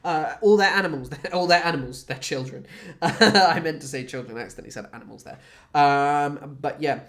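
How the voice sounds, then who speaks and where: A woman's voice: low-pitched, brisk, a bit bright. A woman from the UK chatting casually on a livestream, rambling, swearing and often restarting her sentences. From United Kingdom. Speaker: streamer.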